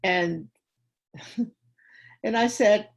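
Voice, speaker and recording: A woman's voice: medium pitch, drawn-out words, creaky, low-quality recording. An older woman giving personal testimony to a school audience, retelling her memories vividly and acting out the dialogue. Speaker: guest speaker at a school.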